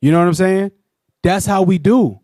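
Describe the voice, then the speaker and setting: A man leading a religious teaching discussion. He talks in an animated, repetitive way and often asks "you know what I'm saying.". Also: high voice, normal speed, dry recording, studio quality. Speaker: Bible class teacher.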